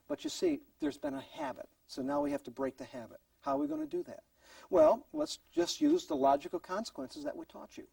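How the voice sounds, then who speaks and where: A man gives a parenting lesson in a very gravelly, husky voice and an earnest tone, acting out little exchanges between parent and child. His pitch moves a lot. The sound is dry and comes from some distance from the mic. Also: sing-song, brisk, a little mellow, dry recording. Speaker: parenting teacher. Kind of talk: recorded parenting class lecture.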